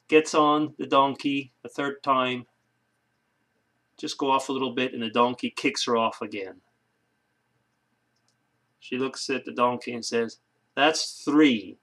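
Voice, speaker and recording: A man's voice: medium pitch, fairly even intonation, slow, gravelly, long pauses, pushed and bright. A man chatting casually to his camera for a video blog, rambling through a joke with lots of fillers and restarts. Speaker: video blogger. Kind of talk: casual vlog chat.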